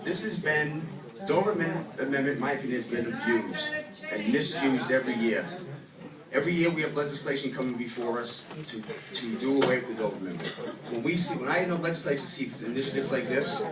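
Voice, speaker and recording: A man's voice: medium pitch, animated, a little fast. A man, a state legislator, giving an impassioned speech at a public neighborhood meeting, at times raising his voice. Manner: impassioned, rising to raised voice. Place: large meeting hall with a crowd. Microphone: distant room microphone. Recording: echoey hall, far from the mic, crowd noise.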